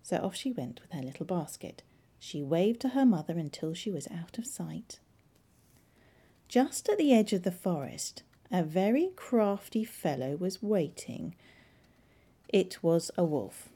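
A woman librarian narrating a children's storybook in an expressive, measured way. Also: fairly low pitch, breathy edge.

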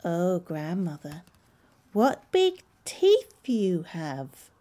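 A polite, innocent little girl from a storybook speaks in a high, earnest voice, as a woman reader puts her on. Her voice lifts well above the reader's own and bounces with lively pitch. She stays well-mannered throughout. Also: normal speed. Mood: alarmed.

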